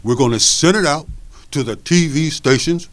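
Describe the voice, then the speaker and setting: A man's voice: on the high side, moderate pace, natural voice. Tough pit bull laying out the plan, guy putting it on, firm, rallying. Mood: resolute. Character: determined male pit bull announcing a plan.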